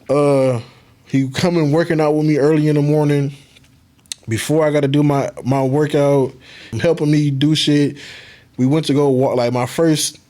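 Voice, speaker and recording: Relaxed male podcast guest, former football player, loose storytelling. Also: fairly high pitch. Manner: laid-back, swears casually, acts out quotes. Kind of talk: casual storytelling.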